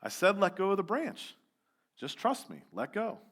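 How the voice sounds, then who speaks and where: A man voicing a calm, unhurried God in a sermon story, reassuring a man in trouble. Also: sits high, husky, voice pushed up, exaggerated voice.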